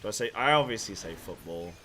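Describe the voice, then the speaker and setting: A man's voice: fairly low pitch, expressive, fast, bright, forceful tone. A man with a mixed English and American accent, streaming a game and chatting casually with his viewers in a rambling way full of restarts. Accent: mixed English and American, shifting. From half English, half American. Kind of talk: casual chat to a live chat while gaming.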